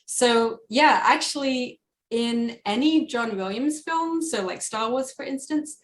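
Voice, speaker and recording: A woman's voice: on the high side, takes it slowly, slight background noise. A woman from Australia with an Australian accent, a composer chatting casually in an interview, laughing often and filling with ums. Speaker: composer guest.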